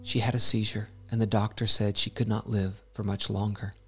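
A worried miner's wife, read by a man, speaks in a hushed, steady voice. The tone is low and even, with faint music behind it. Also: moderate pace, vocal fry, husky, full character voice. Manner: quiet, hushed delivery. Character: worried miner's wife bearing bad news.

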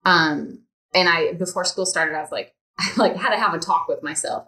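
A woman with a somewhat low voice tells her story as a podcast guest, rambling in a friendly, chatty way full of ums and likes. Her voice rings with a roomy echo. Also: normal speed, fairly bright tone. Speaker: podcast guest, instructional designer. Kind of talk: casual interview chat.

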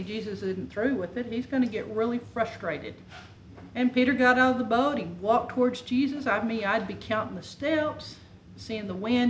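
Brief: woman preacher, animated and chatty, rhetorical questions, reverberant church sound. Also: mid-range voice. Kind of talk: sermon. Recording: echoey room with faint ambient noise.

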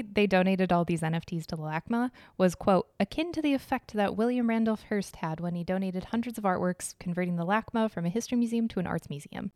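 A woman's voice: fairly low pitch, a little mellow, dry recording, studio quality. A young woman hosting a casual solo podcast, chatty and enthusiastic, giggling and correcting herself as she goes. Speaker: podcast host.

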